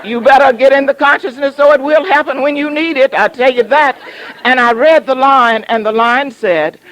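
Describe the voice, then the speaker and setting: A woman's voice: sits high, normal speed, low-quality recording. A woman pastor from the southern United States preaching a sermon, telling a story with humor and teasing her congregation.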